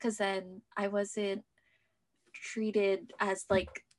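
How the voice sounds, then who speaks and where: As an interview guest, a young woman tells her personal story in a chatty way, full of "like" fillers. Her voice is medium in pitch, level in tone, and extremely slow, and it sometimes drops to a soft near-whisper.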